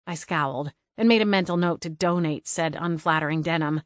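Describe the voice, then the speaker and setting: Lower-voiced woman narrating an audiobook. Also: brisk, no echo, clean studio sound. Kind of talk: first-person scripted narration.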